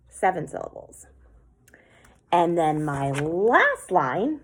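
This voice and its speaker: A woman teacher giving a slow, clear poetry lesson for children, sounding out words syllable by syllable. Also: on the low side, sing-song, slight background noise.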